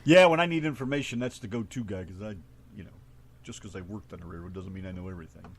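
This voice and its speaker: A man's voice: deep voice, quick pace, husky. A middle-aged man with a mixed Southern American accent, co-hosting a radio show in casual, joking chat and swearing now and then.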